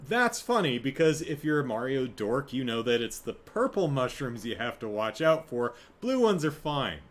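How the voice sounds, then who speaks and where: A man's voice: mid-range voice, sing-song, normal speed. A man hosting a podcast, chatting casually and rambling through a review, breaking off to laugh and act out quotes. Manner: rambling, self-interrupting, laughs, acts out quotes. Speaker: podcast host. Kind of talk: casual solo review chat.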